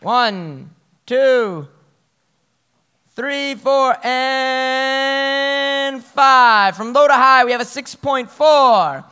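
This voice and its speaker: Emcee type, male, high and bright, deliberate pacing, live crowd noise behind. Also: clear, resonant tone. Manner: loud, announces scores to the crowd. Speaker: poetry slam emcee. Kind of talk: live event hosting. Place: ballroom event with audience.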